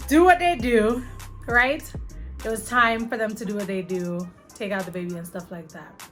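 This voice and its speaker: A young adult woman vlogger telling a personal story to her viewers in an animated, chatty way. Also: mid-range voice, normal speed, soft background music. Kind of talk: casual storytelling to camera.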